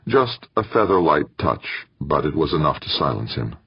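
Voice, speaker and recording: A man narrating a story in an expressive, scripted manner. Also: extremely low pitch, moderate pace, husky, no echo, dull audio. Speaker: audiobook narrator.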